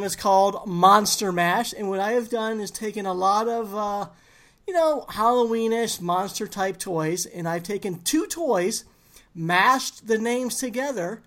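A woman co-hosting a casual podcast chat, telling stories with lots of laughter and quick asides. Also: medium pitch. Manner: animated storyteller, laughs often. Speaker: podcast co-host.

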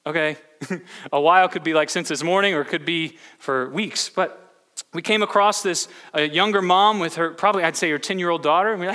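High bright-voiced man preaching in a hall. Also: fast. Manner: storytelling with many restarts. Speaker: pastor. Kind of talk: sermon. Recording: long hall reverb.

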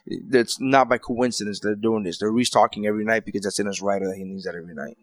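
A man's voice: lowish voice, steady tone, fast, no room sound, clean studio sound. A male comedian hosting a podcast, telling stories casually with lots of swearing and restarts. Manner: profane storytelling with many restarts.

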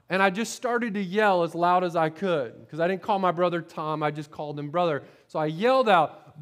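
A middle-aged man from Florida, a pastor preaching a sermon, telling a personal story in a conversational way, often repeating words and checking in with the congregation. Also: high voice. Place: church sanctuary.

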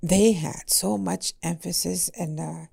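A woman language teacher in casual podcast talk, speaking haltingly with many fillers and "eh?" tags. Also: on the low side, fairly even intonation, gravelly, darkish tone, breathy edge.

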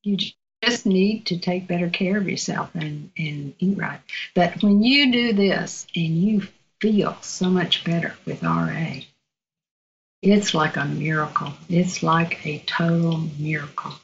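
An older Virginia woman with a Southern accent is a guest in a casual interview, telling folksy stories, speaking outspokenly and laughing often. Her voice is lowish, unhurried, and creaky, on lo-fi audio with slight background noise.

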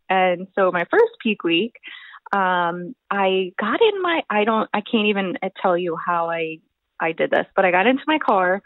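A woman's voice: mid-range voice, dry recording. Chatty young woman on a tinny line. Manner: rambling, filler-heavy, animated retelling. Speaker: bodybuilding competitor, podcast guest. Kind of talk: casual storytelling chat. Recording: thin phone-like line.

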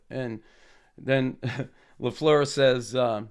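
A man, a former hockey player telling an animated anecdote and acting out quotes. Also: medium pitch, takes it slowly, pauses often, clear, resonant tone. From Boston area. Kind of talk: anecdotal storytelling.

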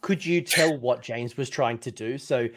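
A man's voice: medium pitch, measured pace. A man co-hosting a casual gaming podcast, chatty and self-mocking as he grumbles about his dice luck. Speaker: podcast co-host.

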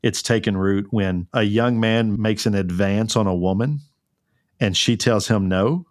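A man's voice: fairly low pitch, a little slow, no echo, studio quality. A man co-hosting a podcast, talking earnestly and fervently, with many restarts and fillers. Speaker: podcast co-host. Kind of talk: casual conversational podcast.

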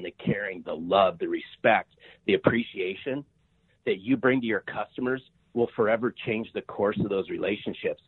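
Husky man over a tinny line. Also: low-pitched, no echo. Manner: emphatic, repeats words, asks "right?" often. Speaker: sales author, podcast guest. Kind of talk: energetic interview talk. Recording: tinny phone-line sound.

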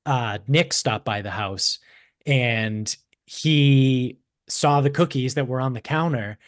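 A man's voice: mid-range voice, slow, no room sound. A man about thirty with a Boston accent chats on a podcast, riffing loosely and swearing freely. His voice sits in a middle register. The recording is dry and close. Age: 30s. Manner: animated, swearing storyteller. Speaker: podcast co-host. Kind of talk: casual chat.

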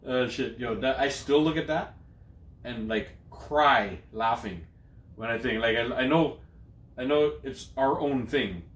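A man's voice: medium pitch, unhurried, reverberant, far from the mic. A man co-hosting a casual comedy podcast, joking around and swearing freely as he plugs merch. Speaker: podcast co-host. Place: studio, also streaming live on a phone.

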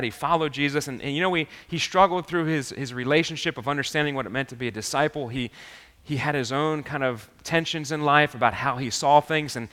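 A man preaching a sermon as pastor, earnest and halting, often restarting his sentences. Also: medium pitch, fairly bright tone, big-room sound.

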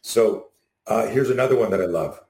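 Low-voiced man telling stories, roomy sound. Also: a little fast, a little hiss or hum. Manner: animated storytelling, acting out quotes. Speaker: guest. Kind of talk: casual interview. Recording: roomy echo.

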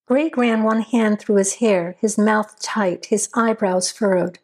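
A woman reading a horror story aloud as a scripted narration, at a steady, measured pace. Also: medium pitch, slightly rough.

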